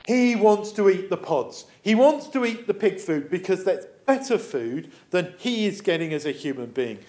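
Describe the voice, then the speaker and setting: A man tells a story to children in a loose, chatty way, filling his sentences with ums and restarts. His voice sits high and swings widely as he talks. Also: moderate pace, a little hiss or hum. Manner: animated, chatty, many fillers.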